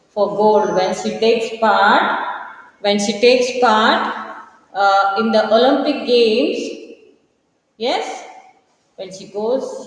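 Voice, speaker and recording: A woman teacher explaining a poem to pupils, repeating key lines and explaining words slowly. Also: medium pitch. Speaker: school teacher. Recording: echoey room with long reverb.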